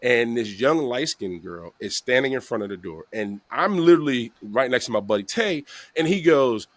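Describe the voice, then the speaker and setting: A middle-aged podcast host from the Bronx, New York, tells a long story in casual chat, animatedly acting out the voices of the people in it. His voice is medium pitch at a moderate pace, with no room sound.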